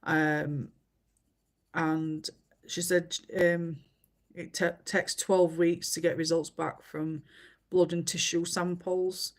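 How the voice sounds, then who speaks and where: Woman, unhurried, chatty livestream host, rambling stories. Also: lowish voice, flat delivery. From England. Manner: rambling, chatty storytelling with many fillers. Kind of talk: casual chat while colouring.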